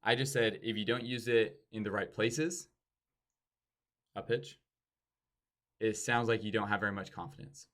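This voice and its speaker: A man with a fairly low voice talks through a sales training in a casual, conversational way. He stops often to act out sample door-to-door pitches, showing how pauses, enunciation and pitch change the emphasis. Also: fairly bright tone.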